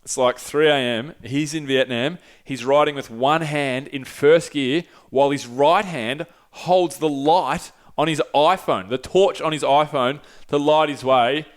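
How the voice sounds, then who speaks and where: A man's voice: fairly high pitch, measured pace, few pauses. A young man casually telling a travel story, laid-back and swearing freely as he acts out what people said. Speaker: podcast host.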